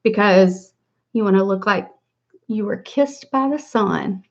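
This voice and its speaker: A woman's voice: mid-range voice, measured pace. A middle-aged woman hosting a casual makeup livestream tutorial, chatty and upbeat, greeting viewers by name. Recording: slightly dull lo-fi livestream audio.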